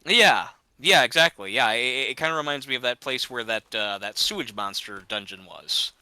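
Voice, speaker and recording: A man's voice: medium pitch, animated, normal speed, pushed and bright, smooth, no echo. A man chatting casually and rambling while playing a game, laughing at himself often. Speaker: gamer. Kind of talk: casual gaming chat.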